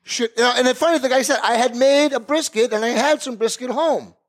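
A middle-aged man with a very high voice, of Italian heritage, tells a heated story fairly quickly on the podcast he co-hosts. The barbecue business owner acts out both parties in this animated storytelling rant.

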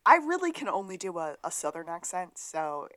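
A woman co-hosting a podcast, recapping a TV episode with dry, deadpan interjections. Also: fairly low pitch, normal speed, dry recording. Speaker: podcast co-host.

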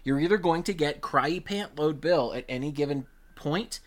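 A man's voice: a little high, normal speed. A man co-hosting a podcast, talking in a thoughtful, analytical way. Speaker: podcast co-host. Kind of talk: casual podcast chat.

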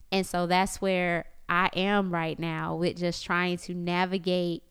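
Smooth-voiced woman in her thirties, chatty. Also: fairly low pitch, slow, hardly any pauses. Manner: chatty and animated, mimics family members, lots of "like". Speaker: parenting vlogger. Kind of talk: casual confessional chat.

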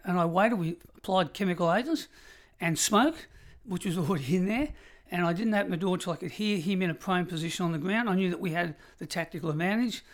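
Aussie guy in his 60s telling prison stories, punchy and emphatic, stacks up short phrases. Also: high voice. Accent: Australian. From Australia. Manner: vivid, emphatic storyteller who piles up short phrases. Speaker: retired prison officer and guest. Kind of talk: storytelling in an interview.

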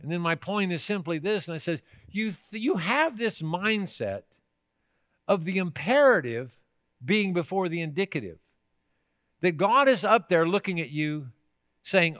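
A male pastor preaching an emphatic sermon in a high, bright, forceful voice. He leans on key words and keeps checking in with the room with rhetorical questions. The sound is close and dry. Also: expressive, unhurried, no echo.

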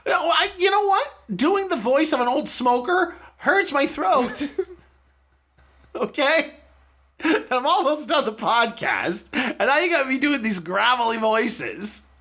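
A man's voice: extremely high pitch, big pitch swings, measured pace, pushed and bright, husky. A man hosting a casual podcast, chatty and laughing often as he wanders between topics. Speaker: podcast host.

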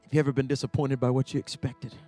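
A man preaching a sermon, telling stories that swing from hushed to shouting and repeating words as he builds. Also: medium pitch, level tone, quick pace, soft background music. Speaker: pastor.

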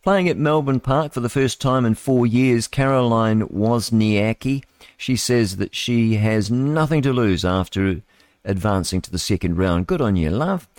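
A man's voice: on the low side, dry recording, studio quality. A man with a New Zealand accent hosting live radio news, reading headlines in a chatty, rambling way with asides and tag questions to listeners.

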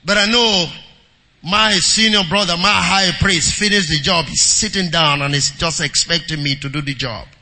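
A man preaching a sermon to a congregation, calling out for amens and reading scripture, moving between quiet talk and shouting. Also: high voice, steady tone, moderate pace, big-room sound.

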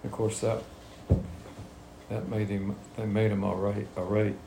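Gravelly-voiced man teaching Bible study. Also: fairly low pitch, flat delivery, measured pace, warm tone, slight background noise. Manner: reads scripture then explains it in plain talk. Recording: echoey room with faint ambience.

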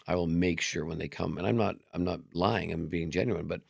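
A deep, gravelly male voice that rushes through anecdotes at a quick clip. He is a comedian and magician chatting candidly as an interview guest, swearing freely and putting on the voices of the people in his stories. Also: dry recording, studio quality. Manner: animated storyteller who acts out quoted dialogue. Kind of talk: casual interview talk.

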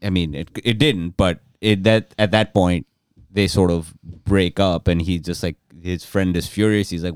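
A man's voice: low-pitched, steady tone, normal speed, clear, resonant tone, dry recording, clean studio sound. A man in casual podcast chat, telling a long rambling story with restarts and crude jokes.

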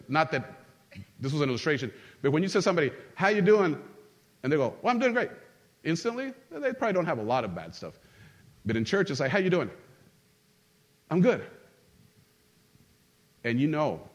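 A middle-aged man preaching a sermon as pastor, animated and joking, calling out to his congregation. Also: mid-range voice. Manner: animated, humorous, calls on the congregation. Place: church sanctuary.

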